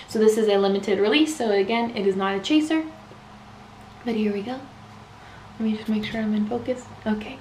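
A young woman vlogging an unboxing in a casual, gushing, excitable way, with gasps and squeals. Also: fairly high pitch, slight background noise. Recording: echoey room, faint ambience.

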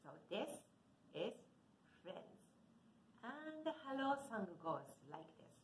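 A woman children's librarian hosting a virtual story time, talking in a slow, sing-song way for young children. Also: a little high, big pitch swings, slight background noise. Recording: echoey room.

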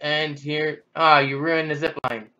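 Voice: mid-range voice, level tone, measured pace, bright, forceful tone, lo-fi sound. A gamer giving playful, chatty commentary on a game, squealing and exclaiming while playing. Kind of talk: gameplay commentary.

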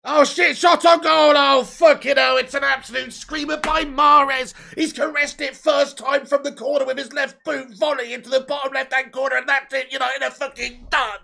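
A man's voice: very high voice, level tone, normal speed, vocal fry, few pauses, sharp tone. A man reacting live to a football match, exasperated and swearing often.

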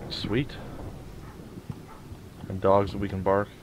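A man's voice: low voice, monotone, slow, a little hiss or hum. A man hosting a let's play video, chatting casually and joking while he plays. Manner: joking, chatty, mumbles asides. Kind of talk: casual gameplay chat.

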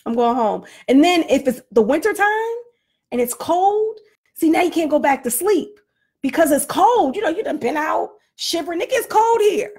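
A woman with a high, bright voice talks straight to her phone camera in a playful rant. She laughs often, pokes fun at herself and swings her pitch all over. She sounds a little winded, fresh from a workout. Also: moderate pace. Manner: animated, self-deprecating, laughs often. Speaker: vlogger. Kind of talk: casual comedic rant to camera.

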